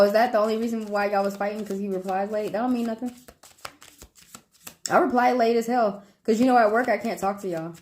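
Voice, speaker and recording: This tarot reader, a young woman with a medium-pitched voice, chats casually on her livestream over slight background noise. Laughing often as she tells stories, she takes viewers' questions and replies in relaxed, slangy language.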